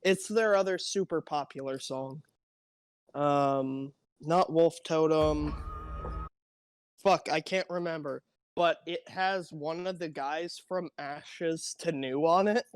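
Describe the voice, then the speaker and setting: A man co-hosting a casual music podcast, swearing freely and telling animated stories. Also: a little high, slow pace, clean tone, no echo. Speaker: podcast co-host. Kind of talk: casual chat.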